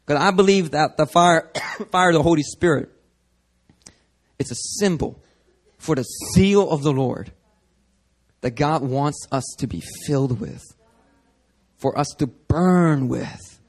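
A man preaching a sermon at a prayer meeting, animated and dramatic, moving between hushed stretches and loud bursts. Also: fairly high pitch, a little slow, long pauses. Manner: animated, acts out scenes, shifts from hushed to loud. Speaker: pastor.

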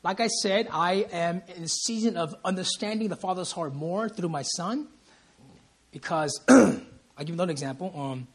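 Man, preacher, sermon, high voice, husky, emphatic, repeats himself, calls for amen. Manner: emphatic, repeats lines and asks "Amen?" for response; stumbles and restarts phrases in bursts of feeling. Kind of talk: sermon at a prayer meeting. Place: church service.

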